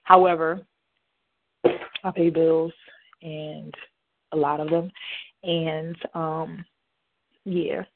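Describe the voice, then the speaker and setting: A young adult woman hosting a talk radio show, playful and hyped, with a light, youthful voice that is not raspy. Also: low-pitched, little pitch movement, drawn-out words, pauses often, background noise. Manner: playful, hyped, talks straight to listeners. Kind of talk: casual talk radio chat. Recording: tinny phone-like sound.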